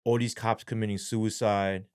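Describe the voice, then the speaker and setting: A man, a former police sergeant, telling his story as an interview guest in a blunt, slangy way, heavy on profanity, his voice going low and halting when he speaks of despair. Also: level tone, clear, resonant tone, no echo, clean studio sound.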